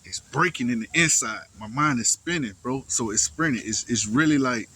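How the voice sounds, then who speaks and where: A young man telling a personal story in casual first person, halting and slangy, full of restarts, sighs and profanity. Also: mid-range voice, bright, forceful tone, slightly rough, rough recording.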